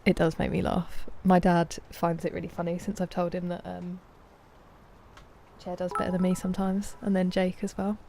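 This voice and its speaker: A British woman chatting casually on a live game stream, thanking viewers and sometimes dropping into a soft whisper. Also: on the low side, monotone, moderate pace, creaky, slight background noise. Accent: British English.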